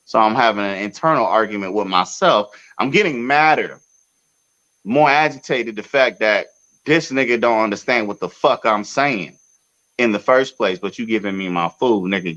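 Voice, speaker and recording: A man hosting a podcast, telling a long story in a casual, profane way with sudden loud outbursts. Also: fairly low pitch, lo-fi sound. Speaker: podcast host.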